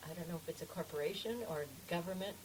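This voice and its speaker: A woman's voice: fairly low pitch, rapid-fire. A woman guest on a podcast who speaks hesitantly, often restarting her sentences. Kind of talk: casual podcast chat. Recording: noisy background.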